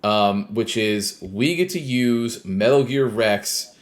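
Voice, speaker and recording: A man's voice: on the low side, slow. A man co-hosting a podcast, casually retelling a video game scene with lots of fillers and quoted lines. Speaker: podcast co-host. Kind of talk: casual chat recapping a game.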